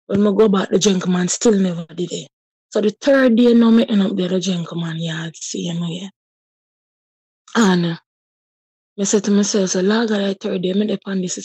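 A woman's voice: mid-range voice, dark tone, breathy edge, no room sound. A woman in her thirties with a Jamaican accent, telling her personal story with feeling in patois. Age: 30s. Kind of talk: personal testimony.

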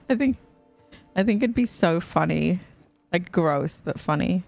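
A woman with a slightly low voice reacts to a game in loose, chatty commentary. She swears a lot and wears her feelings openly. Faint game music runs underneath. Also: animated, unhurried, vocal fry, a little mellow. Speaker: gaming streamer. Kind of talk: let's play commentary.

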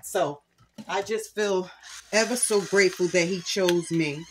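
In a husky, lowish voice at a normal pace, a middle-aged cooking channel host prepares a meal at home. Her casual vlog doubles as personal testimony, as she talks openly and sincerely about her faith.

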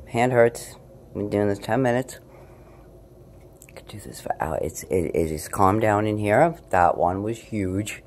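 A woman's voice: very deep voice, a little mellow, a little hiss or hum. A woman filming a casual night-time vlog at home on a handheld camera, chatty and spiritual, sometimes slipping into baby talk with her cat. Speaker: paranormal video blogger.

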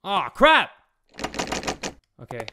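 A young man doing let's play commentary on a horror game, excitable, joking crudely and yelling at sudden scares. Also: sits high, drawn-out words, very noisy. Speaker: gaming YouTuber.

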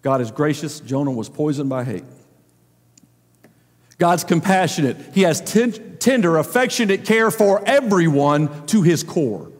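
Male pastor, high voice, emphatic preaching, long hall reverb. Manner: swings between loud emphatic lines and low quiet ones. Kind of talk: sermon.

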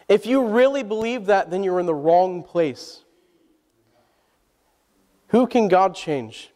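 A man's voice: high voice, expressive, measured pace, darkish tone. A male pastor, preaching a sermon and asking the congregation to answer back. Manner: call-and-response preaching, asks the congregation questions. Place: church sanctuary. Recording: long church hall reverb.

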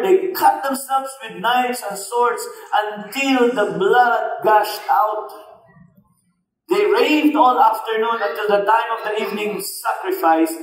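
High-voiced Filipino pastor in an echoing hall. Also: male voice. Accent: Filipino, Cebuano. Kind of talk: sermon. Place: church service in a hall. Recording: echoey hall from a distant mic.

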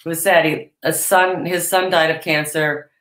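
A woman's voice: sits low, fairly even intonation, moderate pace, a bit bright, roomy sound. A woman comedian talking in casual chat, blunt and swearing freely. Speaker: comedian guest.

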